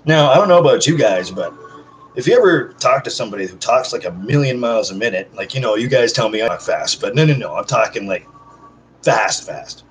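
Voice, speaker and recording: Low-quality audio with slight background noise captures a vlogger at home, his mid-range voice lively and fairly quick. He chats to viewers in a single unedited take, wandering off into jokes at his own expense.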